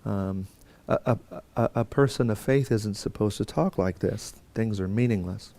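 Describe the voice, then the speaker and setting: A man's voice: fairly low pitch, moderate pace, gravelly, dark tone. A man teaching a Bible course in a conversational lecture style, with fillers and restarts and quotes acted out. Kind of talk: classroom lecture.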